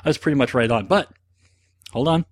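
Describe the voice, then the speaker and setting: This man's medium-pitched voice moves a little fast as he answers listener questions on his casual solo show. His replies are rambling, jokey, and self-deprecating, packed with ums and uhs, and there's no echo.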